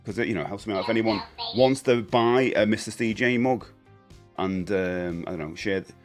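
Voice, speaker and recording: A man's voice: fairly low pitch, moderate pace, soft background music. A man hosting a live stream in casual chat, rambling and greeting viewers as he goes. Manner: chatty, rambling, greets viewers, stumbles and repeats.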